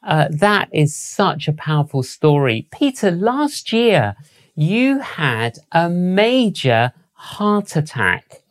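A man hosting an interview, responding in a measured, affirming way and asking follow-up questions. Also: a little high, sing-song. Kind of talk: slow, reflective interview talk.

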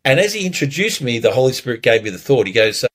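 A man preaching as a pastor, telling a story earnestly before communion, lively when he retells it. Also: medium pitch, fast.

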